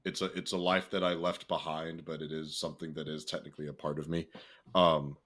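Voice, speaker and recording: A young man co-hosting a casual podcast, talking freely with swearing and laughter, jumping into a high excited voice. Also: brisk. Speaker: podcast co-host. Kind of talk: casual chat.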